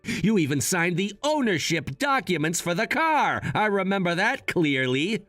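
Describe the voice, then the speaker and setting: A man's voice: sits high, big pitch swings, unhurried, fairly bright tone, dry recording, faint music behind, full character voice. A man playing a cold, unbending adult son. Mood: firm. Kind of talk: scripted drama voice-over.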